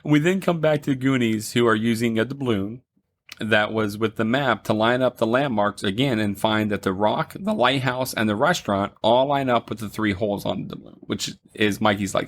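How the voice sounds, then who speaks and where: A young man with a low voice walks through a movie's plot on a casual review podcast. He talks loosely, with plenty of ums, and slips in short laughs as he recaps scenes. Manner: retells the plot with many ums, laughs and quick mock voices. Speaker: podcast co-host.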